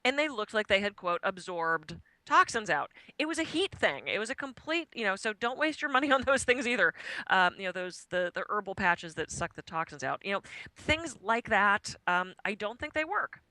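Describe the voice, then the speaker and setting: A woman being interviewed as a guest author, talking in an animated, chatty way and laughing often. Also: medium pitch, fairly quick, dry recording, poor audio. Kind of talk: radio interview.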